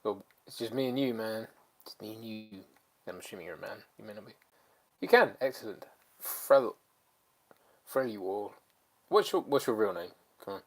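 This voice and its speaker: A man's voice: fairly low pitch, brisk. Laid-back man chatting on a livestream. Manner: relaxed, rambling, many fillers. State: a bit lethargic. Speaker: channel co-host. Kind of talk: casual livestream chat.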